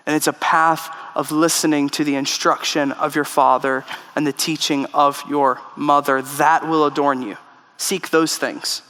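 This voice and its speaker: A man's voice: on the high side, fairly bright tone. A man preaching a sermon as pastor, emphatic, with rhetorical questions to the congregation. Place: church sanctuary. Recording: long hall reverb.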